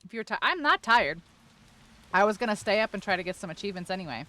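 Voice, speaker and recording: A woman's voice: mid-range voice, sing-song, fast, pushed and bright. A woman streamer in casual live-stream chat, flustered and overwhelmed, gushing thanks to her viewers and tripping over her words, close to tears.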